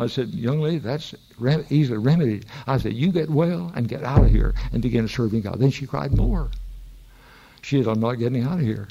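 A man's voice: mid-range voice, gravelly, dark tone, husky, muffled recording. An older man preaching a sermon in a church, telling folksy stories that rise into emphatic preaching. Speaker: pastor.

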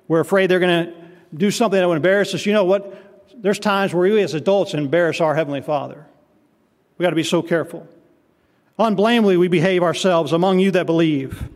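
A man's voice: high-pitched, big-room sound. A male pastor preaching an evening sermon, asking the congregation rhetorical questions as he reads and explains scripture.

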